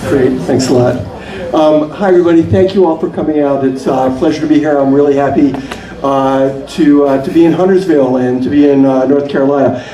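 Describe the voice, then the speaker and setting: A man's voice: on the high side, steady tone, fairly quick, mellow, reverberant, recorded from a distance, low-quality recording. A man giving a live poetry reading in a coffee shop, hesitant between poems and dry in his humor. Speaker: poet reading his work.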